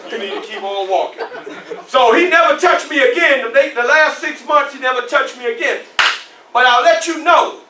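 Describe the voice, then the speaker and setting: A male reenactor playing a formerly enslaved man who recounts his youth in an animated one-man stage show, shouting at tense moments, in a library room. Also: very high voice, slight background noise, exaggerated voice. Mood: reflective. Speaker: historical reenactor. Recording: roomy library room, mic far off.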